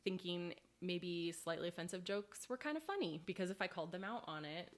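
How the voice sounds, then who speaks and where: A young woman with a slightly low voice chats casually on a podcast. She tells stories in a loose, rambling way and breaks into laughter often. She speaks as a high school English teacher talking shop. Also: brisk. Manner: chatty storyteller, laughs often.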